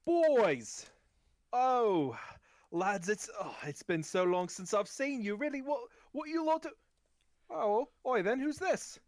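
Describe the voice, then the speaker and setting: A man voicing a flashy, jewel-covered male gnome shopkeeper who banters loudly with his customers. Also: extremely high pitch, lively intonation, takes it slowly, dry recording, studio quality, voice pushed up, heavily acted. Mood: delighted greeting. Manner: loud, chummy banter full of "mate", "lads" and "oi".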